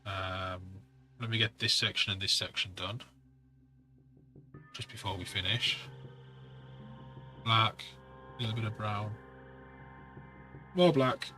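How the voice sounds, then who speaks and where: A man's voice: on the low side, slow, pauses often, bright, forceful tone, faint music behind. A man talking casually through miniature painting tools, rambling with practical asides. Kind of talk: casual hobby tutorial talk.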